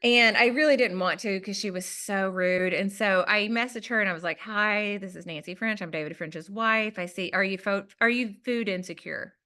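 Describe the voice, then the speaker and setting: Southern lady guest spinning a story, bright lively voice, jokes on herself. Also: medium pitch, moderate pace, few pauses. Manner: animated, self-deprecating storytelling with quoted voices. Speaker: guest author. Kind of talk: storytelling in a podcast interview.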